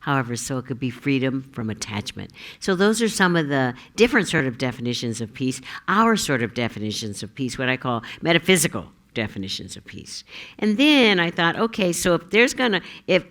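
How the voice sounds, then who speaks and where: Low-pitched woman minister, playful and giggly sermon delivery. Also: brisk. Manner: giggly, joke-telling, animated. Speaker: minister giving the Sunday message.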